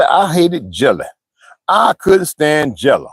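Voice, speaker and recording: An older man from the East Coast chats with his livestream viewers, rambling and swearing freely. His pitch swings widely and stays animated as he talks. The sound is dry and close to the mic. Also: unhurried, vocal fry, slightly rough, no room sound, low-quality recording. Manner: rambling, profane, reading and answering chat. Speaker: livestream host. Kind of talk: casual livestream chat with viewers.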